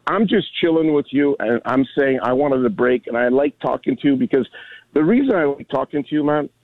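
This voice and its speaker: A man's voice: mid-range voice, animated, fairly quick, dry recording. A man in his sixties calling into a sports radio show, rambling earnestly with many restarts. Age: 60s. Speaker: caller. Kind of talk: casual call-in chat. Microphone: phone. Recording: tinny phone line.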